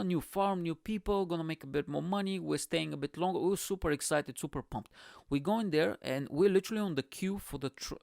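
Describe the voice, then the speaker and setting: Gravelly-voiced man telling a rowdy story. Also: on the high side, dry recording, studio quality. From Bulgaria. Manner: animated, swears a lot, acts out quoted voices. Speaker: podcast host. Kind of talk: casual storytelling monologue.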